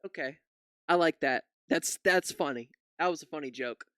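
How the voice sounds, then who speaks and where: A man talks back to a news clip in a crisp, bright voice, cursing and incredulous. The sound is close and dry, with no room around it. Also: a little high, normal speed, dry recording. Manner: ranting, profane, incredulous outbursts. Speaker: political commentary YouTuber. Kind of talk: reaction commentary.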